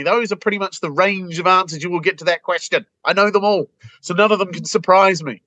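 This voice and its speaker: A British man with a high voice speaks bluntly and punchily, acting out both sides of phone calls as he explains his sales methods. The sound is dry and close, with no room around it. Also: fast talker, sharp tone, no echo, rough recording. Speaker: sales trainer. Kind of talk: interview answers.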